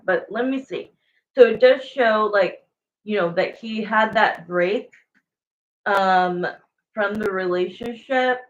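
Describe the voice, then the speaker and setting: A woman's voice: mid-range voice, lo-fi sound. A woman doing a casual tarot reading, rambling and filling her talk with "like" and "you know". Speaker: tarot reader.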